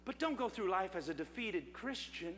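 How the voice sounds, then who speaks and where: A male pastor preaching an impassioned sermon at a church service, rising to shouts. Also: high-pitched, sing-song, normal speed, in a large hall.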